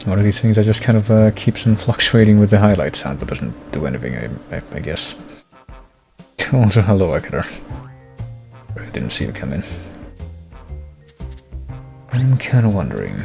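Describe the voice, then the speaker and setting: A man gives wry, rambling game commentary, his low voice gravelly with fry. His pitch swings widely as he muses aloud, with faint music underneath. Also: darkish tone. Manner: wry, rambling, chuckling asides. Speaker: streamer.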